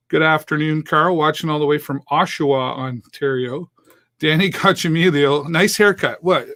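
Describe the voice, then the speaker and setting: A man's voice: fairly high pitch, a bit bright, dry recording. A middle-aged man from Canada hosting a live show, talking casually and upbeat with many fillers. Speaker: host.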